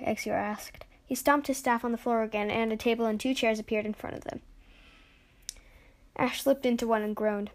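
A woman reading a children's adventure story aloud, with lively storytelling. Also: a little high, normal speed. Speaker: story reader.

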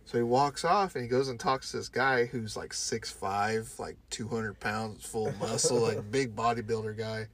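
A man's voice: lowish voice, normal speed, hardly any pauses, fairly bright tone. A man in his thirties, a podcast co-host, telling a casual story and swearing often. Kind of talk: casual chat.

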